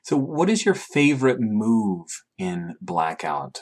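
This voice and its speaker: A man's voice: on the low side, very animated, slow pace. A man hosting a podcast interview, friendly and encouraging with his guest. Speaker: podcast host.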